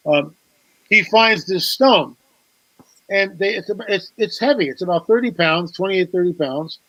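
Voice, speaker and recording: A man's voice: high-pitched, lively intonation, measured pace, a bit bright, no echo, dull audio. A man, a guest author on a talk show, telling a story with animation, repeating words and acting out quoted dialogue.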